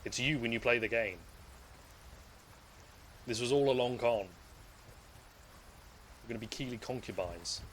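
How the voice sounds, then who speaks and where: A man's voice: medium pitch, measured pace, long pauses, fairly bright tone, slight background noise. A man streaming gameplay, rambling and joking casually as he plays, swearing freely. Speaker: streamer playing a video game. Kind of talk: casual live gameplay commentary.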